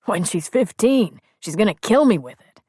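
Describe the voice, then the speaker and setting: A woman voicing a friendly, easygoing married man who jokes in a relaxed way. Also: mid-range voice, moderate pace, breathy edge, no echo, clean studio sound, pitched above the performer's own voice. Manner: joking, relaxed.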